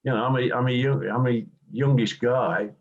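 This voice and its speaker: A man's voice: mid-range voice, steady tone, normal speed, lo-fi sound. An older English man, a former football referee, reminiscing in an interview and telling anecdotes with acted-out quotes.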